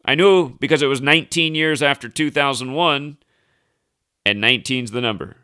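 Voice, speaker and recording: A man's voice: medium pitch, normal speed, bright, forceful tone, clean tone. A man in his thirties giving a rambling, indignant commentary, emphatic and full of restarts. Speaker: conspiracy news commentator. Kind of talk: casual ranting commentary.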